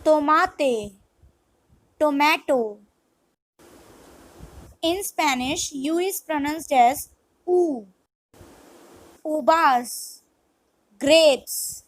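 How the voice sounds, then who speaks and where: A woman with a high, light voice reads vocabulary one word at a time. Her delivery is extremely slow and deliberate, pausing between each term like a scripted drill. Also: rough recording. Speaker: language tutor.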